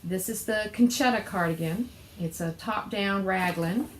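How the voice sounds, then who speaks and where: Relaxed knitting podcast woman, echoey room. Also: mid-range voice, a little slow, background noise. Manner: chatty, laughs easily, trails off mid-sentence. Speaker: podcast co-host. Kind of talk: casual chat. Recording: echoey room with faint ambience.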